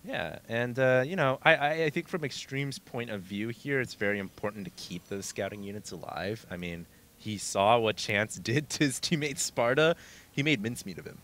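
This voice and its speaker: A man's voice: medium pitch, moderate pace, a bit bright. A man doing color commentary on a video game match, upbeat and jokey. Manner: upbeat, jokey, laughs easily. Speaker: esports caster.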